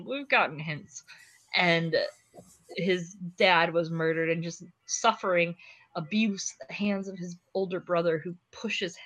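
Tipsy from drinking, a woman co-hosts a casual podcast chat, gushing and laughing often as she speaks. Her voice is fairly low in pitch with a fairly bright tone.

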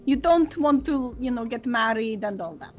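Brief: high, lively, broken-grammar character, as a woman plays her in a tabletop game. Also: highs cut off. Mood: puzzled. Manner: halting, odd broken grammar. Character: confused being speaking broken grammar. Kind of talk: tabletop role-play in character.

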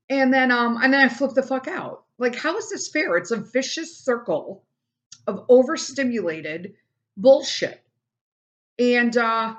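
A woman's voice: on the high side, measured pace, dull audio. A middle-aged woman hosting a casual solo podcast, venting bluntly and swearing a lot as she talks about her family and her frustrations. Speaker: podcast host.

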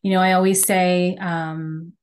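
A woman's voice: on the low side, level tone, a little slow. A woman who works as a Huna healing practitioner, speaking as a guest in a podcast interview in a reflective way, repeating phrases and often laughing.

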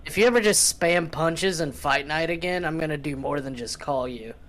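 Man with quiet mock threats on a prank call. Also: fairly high pitch, moderate pace.

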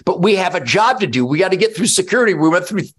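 A man, telling a boastful, theatrical story as a radio host, rushing some lines and drawing others out slowly. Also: high-pitched, expressive, husky. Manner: boastful, theatrical, swinging from fast bursts to slow drawn-out lines. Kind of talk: animated storytelling.

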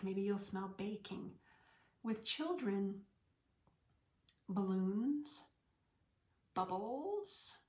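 A woman talks gently in a spiritual podcast monologue and at times sinks into a soft whisper. Her voice sits in a middle pitch. The room around her sounds roomy, with an audible echo. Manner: gentle, storytelling, drops to whispers. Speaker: podcast host and medium.

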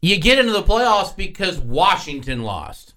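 A man's voice: sits high, sing-song, normal speed, bright, forceful tone. A man hosting a sports talk radio show, talking in an exasperated, sarcastic way.

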